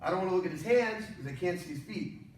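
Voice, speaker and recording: Speaking fast in a high voice, a man coaches an online martial arts workout with energetic, joking encouragement. The mic sits at a distance in an echoey room, and there's faint noise in the recording.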